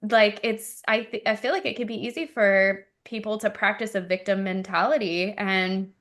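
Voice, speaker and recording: Co-host: woman, mid-pitched, eager conversational tone, occasional "um". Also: fairly even intonation, normal speed, a bit bright. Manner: enthusiastic, retells stories with hesitant "um"s. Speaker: podcast co-host. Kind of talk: casual conversational podcast.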